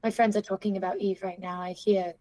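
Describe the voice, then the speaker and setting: A woman's voice: medium pitch, steady tone, brisk, noisy background, lightly acted. A woman voicing an anxious, earnest young woman in a tabletop role-play, talking hesitantly, with restarts and trailing ends. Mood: worried. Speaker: player voicing a young grandchild character.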